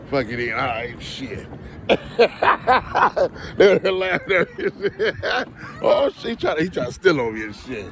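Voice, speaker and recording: A man filming a casual comedy vlog outdoors on a city street, joking loudly, swearing and laughing as he talks. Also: medium pitch, lively intonation, moderate pace. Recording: noisy street recording.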